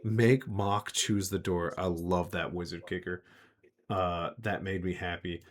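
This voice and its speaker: A man's voice: sits low, fairly even intonation, measured pace. A man narrating as game master of a tabletop role-playing game, rambling with many fillers. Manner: rambling, full of filler words and restarts.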